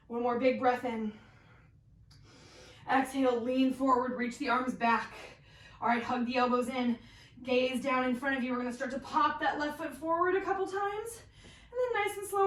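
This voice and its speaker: A woman teaching a guided yoga class, calling out poses and breaths with encouraging cues while practicing along and a little out of breath. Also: sits high. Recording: roomy echo, voice from a distance.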